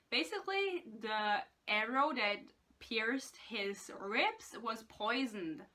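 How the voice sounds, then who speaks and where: A woman's voice: on the high side, bright, forceful tone. A young woman giving a casual, sarcastic book rant, swearing often and filling with "like". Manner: sarcastic, swears a lot, lots of "like". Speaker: book reviewer.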